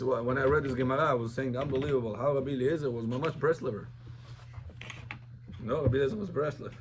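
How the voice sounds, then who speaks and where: Rabbi with a fairly high voice. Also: male voice, a bit bright, a little hiss or hum. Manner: storytelling, mixes Hebrew terms into plain English. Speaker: rabbi teaching Talmud. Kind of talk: informal Talmud lesson.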